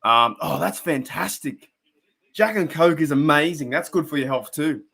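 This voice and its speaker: A young Australian man hosts a casual fan live stream, rambling and chatting with viewers as he comments on a game. He laughs often and greets viewers by name, his slightly high voice animated, creaky, and fairly bright at a normal pace.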